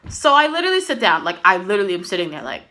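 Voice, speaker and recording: Bright, chatty young woman telling a story. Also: mid-range voice, racing. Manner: chatty, filler-heavy with many "like"s and "literally"s; animated, swinging between exasperated and laughing. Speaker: vlogger. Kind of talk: casual storytime vlog.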